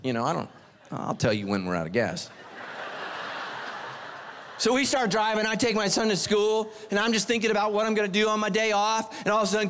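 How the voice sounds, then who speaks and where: A man, the senior pastor, preaching a humorous sermon as an animated, self-mocking storyteller. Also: high voice, a little fast, in a large hall.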